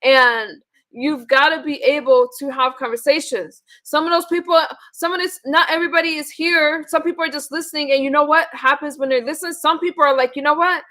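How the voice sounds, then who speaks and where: A woman's voice: high-pitched, steady tone, a little fast, pushed and bright. A woman hosting a live online panel, bluntly and profanely scolding her viewers. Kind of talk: live-stream chat, ranting to viewers.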